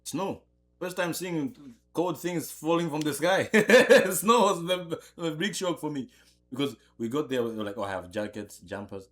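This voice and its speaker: A man from Africa, a podcast guest, telling animated stories in casual conversation, often laughing and repeating words as he goes. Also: on the high side, normal speed.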